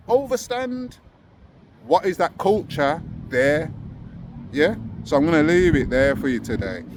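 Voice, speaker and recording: Young male host, higher voice, fired-up rhetorical monologue, faint hiss behind. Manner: impassioned, rhetorical questions to viewers. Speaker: host of commentary channel. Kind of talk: casual commentary monologue.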